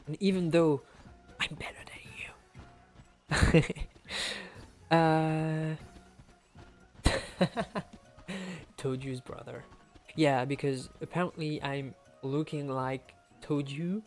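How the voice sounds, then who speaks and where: Male French-accented streamer, slow, chatty, thinks aloud with frequent laughs; faint game music behind. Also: a little high, fairly even intonation, darkish tone. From France. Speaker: speedrunner streamer. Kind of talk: casual live-stream commentary.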